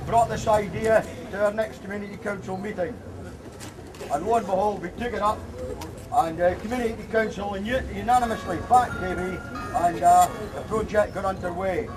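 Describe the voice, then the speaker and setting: A man with a Scottish Angus accent, a community councillor giving a halting outdoor speech with fillers and restarts, then reading a letter aloud. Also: high-pitched. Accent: Scottish, Angus (Kirriemuir). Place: outdoors in a town street. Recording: distant outdoor recording with traffic noise.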